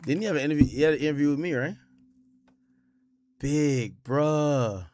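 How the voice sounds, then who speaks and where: A man's voice: on the high side, racing, no echo. A young man hosting a stream, reacting in casual, swearing, repetitive commentary. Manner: animated, swears a lot, repeats phrases. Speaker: streamer host.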